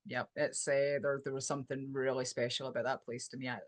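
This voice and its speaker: A woman's voice: very deep voice, little pitch movement, fairly quick. A Scottish woman, an actress and writer, chatting as a podcast guest, hesitant with many ums and frequent giggles. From Scotland. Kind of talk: casual interview chat.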